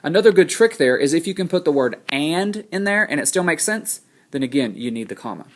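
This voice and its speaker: Man teaching grammar, calm and explanatory. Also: a little high. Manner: explanatory, slows to read example sentences aloud. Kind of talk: recorded grammar lesson.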